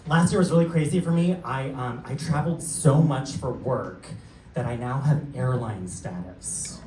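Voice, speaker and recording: A man's voice: medium pitch, darkish tone, slight background noise. Sassy gay man doing stand-up. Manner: camp, sassy storytelling with quick asides. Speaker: stand-up comedian. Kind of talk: live stand-up set. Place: theater stage before a laughing crowd. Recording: roomy live theater sound, mic distant, crowd audible.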